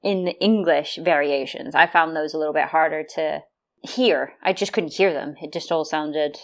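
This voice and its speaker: An American woman, a yoga teacher co-hosting a podcast, chatting casually with lots of fillers. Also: deep voice. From United States, the South. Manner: chatty, quick to laugh, lots of "like". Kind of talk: casual chat.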